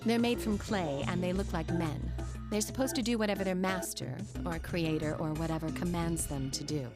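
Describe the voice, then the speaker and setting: An actress playing a confident woman in a video game, briskly explaining a bit of folklore. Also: fairly low pitch, over music, lightly acted.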